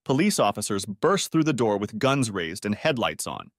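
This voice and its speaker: A man tells a first-person story in audiobook style, with an expressive, dramatic read. His pitch is animated and wide-ranging, and the recording is dry and close on the mic. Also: normal speed, no echo. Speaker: narrator.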